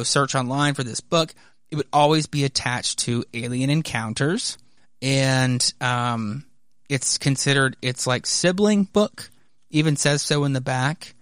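A man's voice: fairly high pitch, fairly bright tone, dry recording. A man hosting a casual comic book podcast, narrating and chatting in a loose, rambling way. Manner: rambling, loose, many fillers and restarts. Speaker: podcast host.

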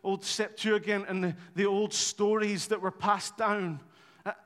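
A man preaching a sermon, telling stories in an animated, conversational way with touches of humour. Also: sits high, measured pace. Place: church hall. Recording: long hall reverb.

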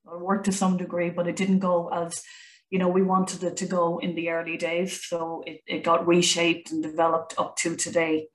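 A woman's voice: lowish voice, monotone, normal speed, reverberant, low-quality recording. A woman, a college founder chatting as an interview guest, talkative with many fillers and restarts. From Ireland. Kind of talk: conversational interview.

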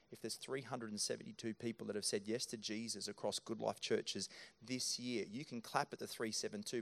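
Earnest pastor preaching. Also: male voice, on the low side. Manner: conversational, earnest, addresses congregation directly. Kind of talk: sermon with live scripture staging. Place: church auditorium. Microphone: handheld microphone.

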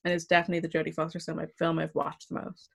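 A woman's voice: sits low, very fast, gravelly, slightly rough. Woman co-host, casual film chat, easygoing and talkative. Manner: relaxed, chatty, laughs easily.

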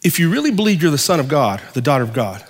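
A man with a high voice preaches a sermon, pausing for effect and swinging between loud and hushed delivery. His voice carries a long reverb from a church hall. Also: sing-song. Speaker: pastor.

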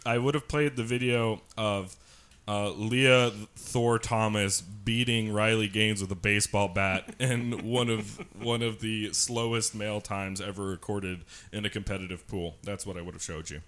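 A man's voice: fairly low pitch, fairly even intonation, moderate pace, fairly bright tone, clear, resonant tone. A man hosting a podcast, joking and giggling through casual banter. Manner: jokey, giggly. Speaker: podcast host.

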